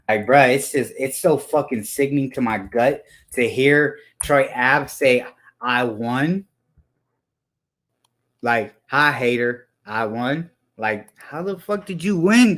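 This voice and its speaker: A man's voice: lowish voice, fairly bright tone. A man hosting a livestream, ranting with heated, profane commentary into a headset mic.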